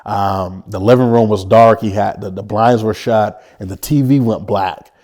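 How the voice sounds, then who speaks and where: Male interview guest, low voice, sincere first-person storytelling with frequent restarts. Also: fairly even intonation, a little mellow. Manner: earnest, halting, with frequent restarts; vivid retelling.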